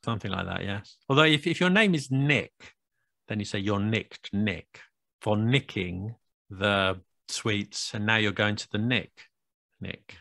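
A man's voice: lowish voice, measured pace, gravelly, bright, forceful tone, no room sound, clean studio sound. A British man co-hosting a podcast, chatting casually and joking, often laughing as he explains words. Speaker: podcast co-host. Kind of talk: casual chat.

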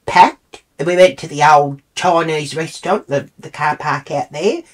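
Low-voiced, foul-mouthed Australian woman. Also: a little slow. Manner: brash, foul-mouthed, indignant. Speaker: comedic storyteller. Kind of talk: comic monologue.

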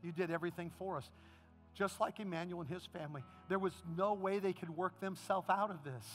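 Man, pastor, sermon and prayer, high voice, faint background music. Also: a little fast. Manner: impassioned preaching, rising to a shout; emotional, hushed prayer.

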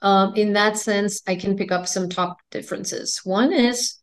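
A woman in her forties with a mixed Indian and American accent, answering interview questions in a calm, articulate way. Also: medium pitch, a little slow. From India and United States. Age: 40s. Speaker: guest, endocrinologist.

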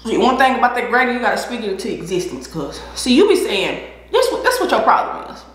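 A chatty woman talks casually while eating on camera. Her voice sits a bit high and swings widely up and down. The room around her sounds echoey and hollow. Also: big pitch swings, quick pace, hardly any pauses, fairly bright tone. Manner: chatty, laughing, encouraging. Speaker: vlogger. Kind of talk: casual mukbang chat.

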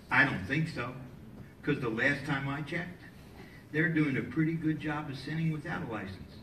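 A male pastor preaching a sermon in a church, lively and joking with the congregation between points. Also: a little high, moderate pace, slight background noise. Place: church sanctuary. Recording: echoey hall, mic at a distance, faint ambience.

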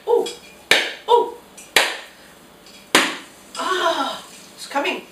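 A chatty woman with a cold shows fruit in her home kitchen, talking half to herself in a high voice at a slow, unhurried pace. She is picked up from across the room, with the kitchen's echo and a faint hiss around her. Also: big pitch swings. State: has a cold. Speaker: home cooking host. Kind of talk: casual kitchen demonstration. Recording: echoey kitchen, mic at a distance, faint noise.

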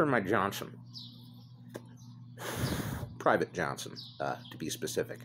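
A man hosting a casual storytelling rant, crude and rambling, with deadpan humor and high put-on voices when he quotes people. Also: slow, background noise. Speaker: host. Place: indoors in his chair, smoking.

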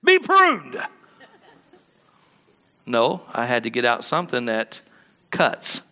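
Male pastor, folksy storyteller, bright ringing tone. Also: mid-range voice, a little slow. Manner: storytelling, rises to loud animated peaks; folksy, conversational delivery. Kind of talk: sermon.

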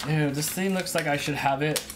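A woman's voice: low-pitched, a little fast. A woman co-hosting a baking stream in a home kitchen, joking around casually and reading the packaging aloud in a goofy way. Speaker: co-host. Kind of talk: casual chat while baking. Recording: noisy live-stream audio.

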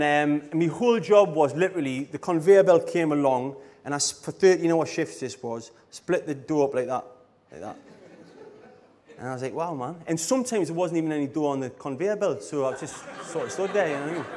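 A man's voice: on the high side, darkish tone. A middle-aged man, telling rambling anecdotes in a casual conference talk and often laughing. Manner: rambling, laughs often, fillers like "you know what I mean". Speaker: speaker at a design conference. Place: live talk on a stage.

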